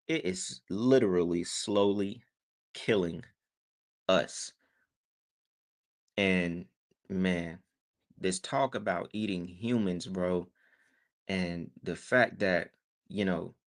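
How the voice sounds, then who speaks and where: Low-voiced man chatting to viewers. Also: fairly bright tone. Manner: conversational, addresses viewers, filler-heavy. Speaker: channel host. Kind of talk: casual commentary reacting to a clip.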